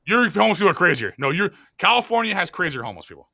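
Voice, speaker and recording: A man's voice: sits high, very animated, very fast, bright, forceful tone, no echo, clean studio sound. A man hosting a podcast in casual, profane chat, rambling with many filler words. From lives in Saint Louis. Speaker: podcast host.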